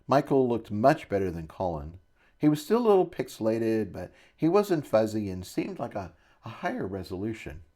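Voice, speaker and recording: A man's voice: fairly low pitch, big pitch swings, normal speed, mellow. A man narrating a first-person novel aloud in a casual way, recorded on a phone. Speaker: audiobook narrator.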